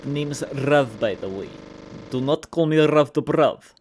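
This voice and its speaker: A streamer voicing a tired, cruel male enforcer from a game, with a mock Russian accent and a slow, threatening delivery. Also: medium pitch, expressive, a little mellow, a little hiss or hum. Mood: menacing.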